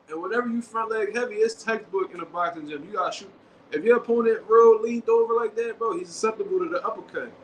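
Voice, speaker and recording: A man hosting a casual commentary show, talking in animated slang. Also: sits high. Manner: animated, slangy, acts out quotes. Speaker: boxing show host. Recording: echoey room with faint background noise.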